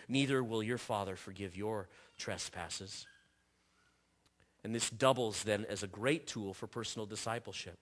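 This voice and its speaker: Lively bright-voiced male preacher. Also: a little high. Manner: earnest preaching with repeated phrases and restarts, dropping to soft quoted asides. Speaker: pastor. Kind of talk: sermon.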